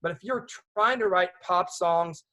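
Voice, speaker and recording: A man teaching a songwriting seminar in a conversational way, often checking in with his audience with quick questions. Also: sits high, bright, forceful tone.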